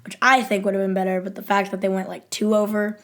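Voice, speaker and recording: A woman co-hosting a podcast, chatting casually in a relaxed way that trails off into quiet asides. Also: medium pitch, fast talker. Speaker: podcast co-host. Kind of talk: casual chat.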